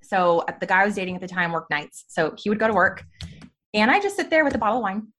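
A woman's voice: mid-range voice, fast. A woman in her thirties, a podcast guest candidly telling her personal story with lots of "like" and "you know". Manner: candid, animated storytelling with frequent "like". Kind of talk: personal testimony in a faith podcast interview.

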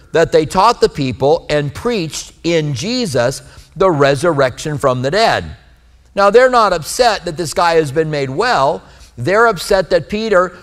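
Male pastor, sermon delivery, somewhat high pitch, earnest and conversational. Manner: earnest, conversational preaching with scripture readings.

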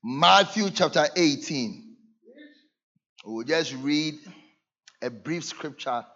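A man preaching a sermon to his church, earnest, moving between loud emphasis and soft asides. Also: fairly high pitch, expressive, slow pace, pauses often, lo-fi sound. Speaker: pastor. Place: church service.

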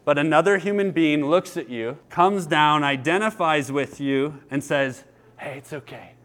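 Thirties male pastor, high voice, earnest and animated in a sermon. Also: unhurried. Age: 30s. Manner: earnest, storytelling, lively with laughter. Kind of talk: sermon with personal stories.

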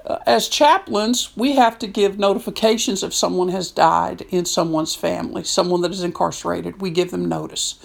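A woman in her sixties, a prison chaplain, telling stories in an animated way and acting out what people said. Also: fairly low pitch, moderate pace, gravelly, hardly any pauses. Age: 60s. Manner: animated storyteller, acts out quotes. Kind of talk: storytelling talk.

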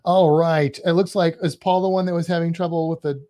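A man's voice: a little high, steady tone, fairly quick, warm tone. A man co-hosting a podcast live stream, chatting casually, joking and reading out viewer comments. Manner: chatty, jokey, reads chat comments aloud. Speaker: podcast co-host.

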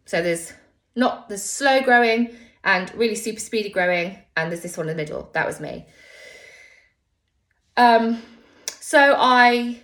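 A woman's voice: mid-range voice, measured pace, pauses often, fairly bright tone. A woman telling a personal story candidly and with emotion, sometimes swearing.

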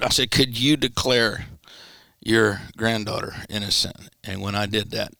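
A man, a pastor, telling a personal story in an interview and acting out the quoted dialogue with sudden pitch jumps. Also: lively intonation, a little slow, vocal fry, pushed and bright, dry recording, studio quality. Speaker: pastor, guest. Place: church studio.

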